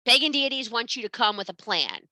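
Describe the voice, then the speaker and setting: A woman's voice: a little high, lively intonation, brisk, pushed and bright, no echo. A woman giving an informal spiritual talk in a blunt, emphatic and profane way. She speaks as a parent. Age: adult parent.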